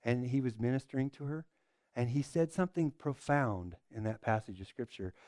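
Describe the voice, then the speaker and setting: Dark-voiced preaching man, dry close sound. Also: medium pitch, moderate pace, no room sound. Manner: preaching with repeated rhetorical questions and restarts. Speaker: pastor. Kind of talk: sermon.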